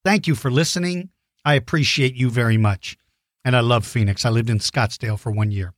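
A man's voice: medium pitch, a little fast, no room sound, studio quality. A man hosting a podcast, answering children's questions in a friendly, enthusiastic way with plenty of ums and restarts. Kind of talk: casual chat to young listeners.

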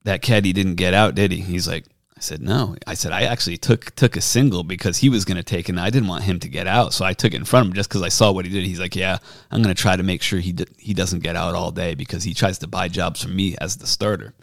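A middle-aged man hosting a podcast, chatting casually and telling stories, lively when he quotes other people. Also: deep voice, fast, creaky, no room sound, clean studio sound. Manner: storytelling, animated when quoting others. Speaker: podcast host. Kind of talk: casual chat.

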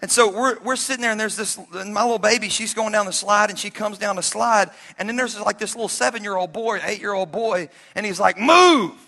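A male preacher in his forties with a high, bright and ringing voice. He tells stories with big swings from shouted lines to hushed asides and keeps joking with the congregation in a loose, conversational way. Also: steady tone, brisk, creaky, hardly any pauses. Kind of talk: sermon with personal stories.

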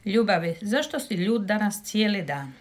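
A woman's voice: medium pitch, animated, a little fast, lightly acted. A woman reading a girlfriend's lines in a recorded language-lesson dialogue, at a natural pace. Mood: playful. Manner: clear, natural-speed delivery.

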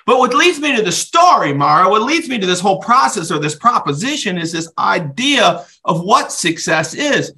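An animated male storyteller with a high, bright voice, hosting a podcast. He tells a story at a quick clip and plays out both sides of the conversation. His tone is forceful and ringing. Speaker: podcast host and author. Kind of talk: storytelling to a co-host.

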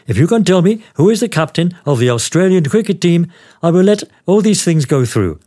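A fussy, excitable male customs officer, put on by a man telling a story, pitched high and pushed louder than the teller's own voice. He pleads and bargains in a strained, rising tone. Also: fairly quick. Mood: bargaining.

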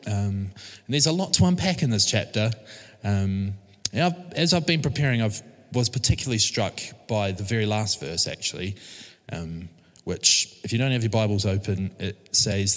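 A man's voice: fairly low pitch, expressive, moderate pace, a bit bright. A man from a church team giving an informal sermon, casual and hesitant, full of fillers and restarts. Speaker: church team member preaching. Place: church service room. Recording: long reverb of a church hall.

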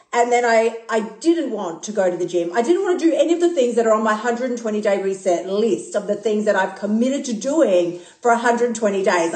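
Australian woman host, brash and animated, slightly high voice, phone mic in an echoey room. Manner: blunt, swearing, animated, self-mocking. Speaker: podcast host and emotional eating coach. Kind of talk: casual live-stream monologue. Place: recorded live on a phone stream.

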